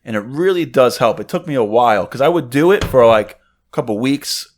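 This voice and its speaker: A man's voice: medium pitch, brisk, a little hiss or hum. Man, podcast co-host, easygoing and conversational, plenty of likes and ums. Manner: relaxed, conversational, lots of fillers. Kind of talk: casual chat.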